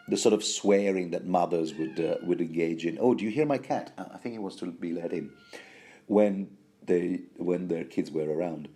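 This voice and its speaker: A man's voice: low-pitched, normal speed, darkish tone. A man hosting a rambling book commentary podcast from home, hesitant and self-deprecating, full of restarts. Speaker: podcast host.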